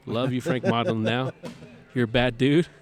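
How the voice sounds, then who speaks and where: A man's voice: medium pitch, fairly even intonation, normal speed, faint music behind. A man, a guest on a talk show, chatting casually and animatedly, acting out bits of dialogue as he tells a story. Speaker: podcast guest, cornhole player.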